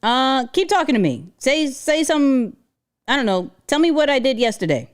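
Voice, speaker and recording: A woman hosting a casual livestream, talking in an animated, slangy way and laughing often. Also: sits high, normal speed, clear, resonant tone. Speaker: livestream host.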